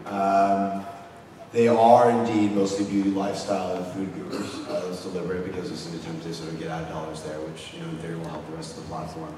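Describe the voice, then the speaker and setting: A man moderating a panel, brisk and affable, calling on questions and explaining things. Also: deep voice, completely flat delivery. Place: large convention hall. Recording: echoey hall from far off, noisy.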